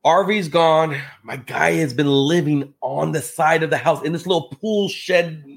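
This man, a real estate investor guesting on a podcast, has a higher voice and talks a little slowly with some vocal fry. He tells a casual story in conversation, animated throughout, acting out quotes with big pitch jumps.

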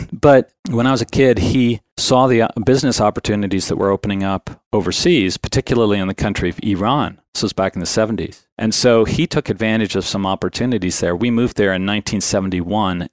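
A man in his fifties, a podcast guest, telling his life story in an earnest, reflective way and often clearing his throat. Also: fairly low pitch, no echo, clean studio sound.

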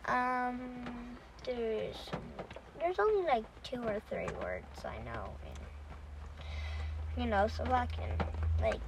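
A woman with a fairly high voice talks slowly and haltingly, leaning on ums and likes as she chats. She sits some way from the mic, with steady noise behind her. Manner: hesitant, full of ums and likes. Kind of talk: casual chat. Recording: distant mic with clear background noise.

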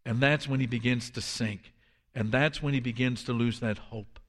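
Storytelling pastor preaching a sermon. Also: male voice, medium pitch, moderate pace, long reverb tail. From Washington, D.C. area. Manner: storytelling, animated with drops to a hush for quoted lines.

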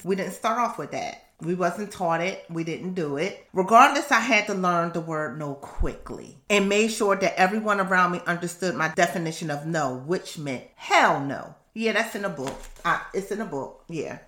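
A woman reading from her own book on a podcast, assertive and animated, breaking off into laughing asides. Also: fairly low pitch, normal speed, hardly any pauses, reverberant. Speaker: author and podcast host.

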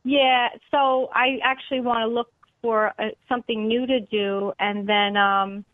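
A woman's voice: on the high side, fairly even intonation, a little slow, no room sound. A middle-aged woman with a New York accent, calling in to a show and chatting upbeat, laughing often, over a tinny phone line. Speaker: caller. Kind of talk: phone-in chat.

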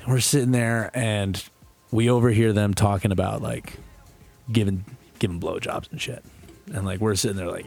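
A man's voice: on the low side, steady tone, moderate pace, gravelly, a little mellow, faint music behind. A young man co-hosting a podcast, telling a rambling, profane story in casual chat. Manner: profane, rambling storyteller who acts out quotes. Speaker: podcast co-host.

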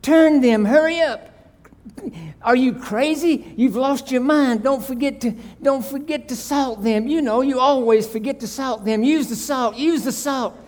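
An older preacher acts out a frantic husband who nags and repeats himself, his voice pushed high and loud. He fires orders in a panicky rush. This is a joke told from the pulpit. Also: unhurried. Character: frantic, nagging middle-aged husband.

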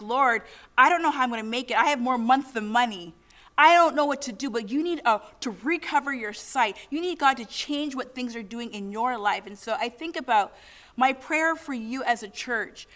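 A woman's voice: fairly high pitch, fairly bright tone. A woman pastor preaching a sermon to her church, earnest and exhorting as she reads scripture and prays over the congregation.

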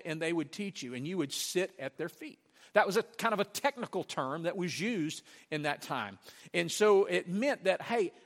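A male preacher with a high, bright voice, retelling a story with lively, emphatic swings. His voice rings with a long reverb from the hall. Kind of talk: sermon.

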